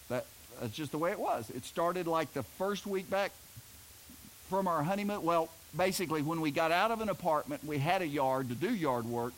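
Folksy preacher man, slightly high voice. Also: a little hiss or hum, low-quality recording. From Oklahoma. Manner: folksy storytelling, jokes with the congregation. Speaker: pastor. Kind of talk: sermon.

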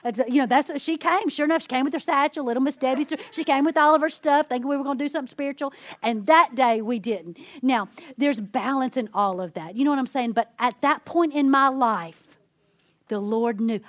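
A woman giving a sermon-style testimony, an animated storyteller who acts out the quotes she tells. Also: high-pitched, a little fast, dry recording. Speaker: women's ministry speaker.

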